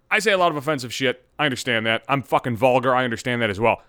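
A man's voice: mid-range voice, animated, very fast, pushed and bright, smooth, no room sound, clean studio sound. A man hosting a podcast, delivering a vulgar comedic monologue with lots of swearing and mock outrage. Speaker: podcast host.

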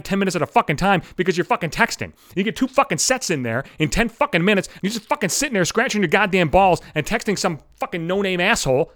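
A man in his thirties hosting a solo podcast, ranting with constant swearing in an animated, irritated way. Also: high voice, dry recording, studio quality. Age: 30s. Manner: foul-mouthed, animated ranting. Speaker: podcast host. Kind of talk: profane solo podcast rant.

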